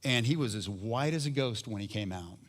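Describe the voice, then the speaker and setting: A man's voice: on the low side, lively intonation, fairly quick. A middle-aged man preaching a sermon, telling a personal story in a conversational, humorous way. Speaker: pastor. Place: church sanctuary. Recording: long hall reverb.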